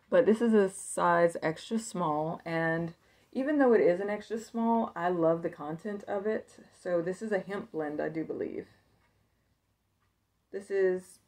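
Low-voiced and darkish in tone, a thrift reseller walks through her haul of secondhand clothes meant for resale. The video is a casual chat, and she stays upbeat, thinking out loud and using lots of fillers.

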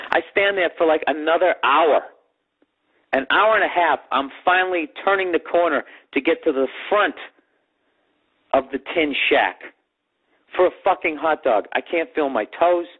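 Ranting comic man, husky tinny audio. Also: a little high. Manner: ranting, sarcastic, mimics other people's voices. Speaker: comedy podcast host. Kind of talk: profane comic storytelling.

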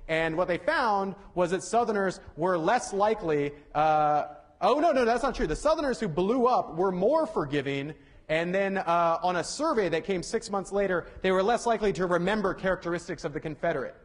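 High-voiced man giving a chatty lecture. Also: animated, fairly quick. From Southern United States. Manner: chatty, self-correcting, jokey asides. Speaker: university lecturer. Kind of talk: classroom lecture. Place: lecture hall.

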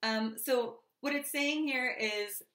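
A chatty woman giving a casual tarot reading, with a bright, forward voice. She talks loosely and fills her sentences with "um" and "like," and the sound is echoey. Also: high-pitched, slow pace, slight background noise. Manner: chatty, loose, many fillers and asides. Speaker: tarot reader. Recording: echoey room.

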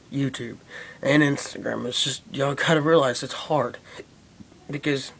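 A young man rambling casually and profanely to his camera, with lots of fillers. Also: medium pitch. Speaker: vlogger. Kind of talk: casual vlog chat.

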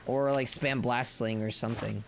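A man streaming live gameplay commentary, excitable and playful, rambling on and chatting with his viewers. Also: medium pitch, normal speed, gravelly, slight background noise.

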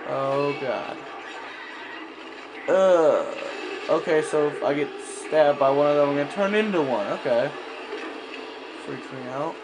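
A man's voice: a little high, moderate pace, background noise. A man commenting on his game, nervous and reacting with yelps and panic. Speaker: gamer. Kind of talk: let's play commentary.

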